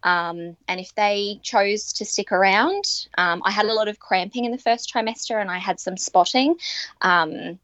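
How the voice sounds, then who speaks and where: A woman, telling her personal story as a podcast guest, earnest and halting with many ums and restarts. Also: mid-range voice, fairly bright tone, no room sound. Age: 30s. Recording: dry, dull lo-fi recording.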